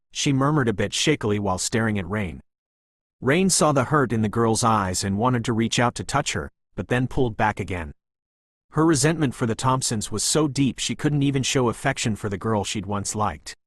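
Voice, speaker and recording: Calm man reading a novel aloud. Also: medium pitch, normal speed, no room sound, studio quality. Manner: calm, even, pleasant reading. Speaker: audiobook narrator. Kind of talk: scripted narration of a novel.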